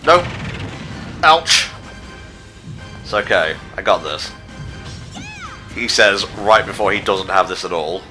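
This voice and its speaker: A man playing a video game and commenting casually, reacting out loud to every hit. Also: sits low, normal speed, long pauses, music in the background. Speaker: player.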